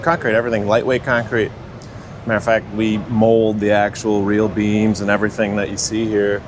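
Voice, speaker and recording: A man's voice: lowish voice, flat delivery, normal speed. A man exhibitor explaining his product at length in a loose, rambling way. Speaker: mantel exhibitor. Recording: noisy expo floor.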